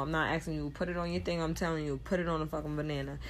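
A woman's voice: low-pitched, fairly even intonation, quick pace, few pauses. A woman co-hosting a casual podcast as a mother, talking bluntly and emphatically, swearing freely and laughing easily.

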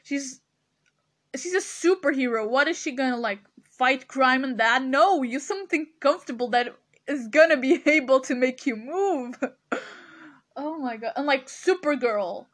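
A young woman hosting a casual podcast, reacting to products with animated commentary and frequent hard laughter. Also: high-pitched, measured pace. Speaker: podcast host.

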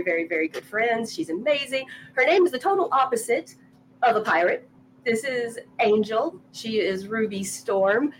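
A woman's voice: mid-range voice, slight background noise, rough recording. A woman hosting a casual chat show, upbeat and gushing about her guest. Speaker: host.

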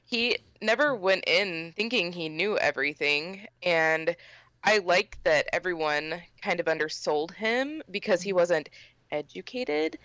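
A woman's voice: on the low side, a little slow, a bit bright, dry recording, lo-fi sound. A woman co-hosting a podcast, chatting about a film in an enthusiastic way and laughing easily. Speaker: podcast co-host. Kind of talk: casual film discussion.

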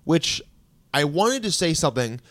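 A young man telling a story on a podcast in a casual, animated way, acting out other people's voices. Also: on the high side, normal speed, dry recording. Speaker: podcast guest.

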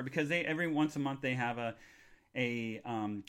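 A middle-aged man hosting a live podcast, rambling excitably and squealing at the high points. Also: a little fast. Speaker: podcast host.

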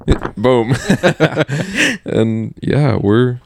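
A man co-hosting a podcast, upbeat and chummy, asking questions in a relaxed, casual way. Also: mid-range voice, very slow, a little hiss or hum. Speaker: podcast co-host. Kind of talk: casual faith discussion.

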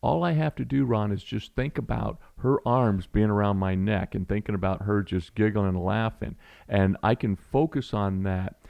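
Casting: middle-aged male storyteller, gravelly low voice, lively. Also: normal speed, dull audio. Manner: animated storyteller, acts out voices, restarts often. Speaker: guest telling a personal story. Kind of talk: conversational storytelling.

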